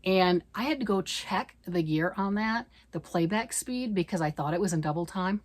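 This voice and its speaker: Fast-talking husky middle-aged woman. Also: on the low side. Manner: fast, excited, rambling with tangents. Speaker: knitting vlogger. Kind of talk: casual chat.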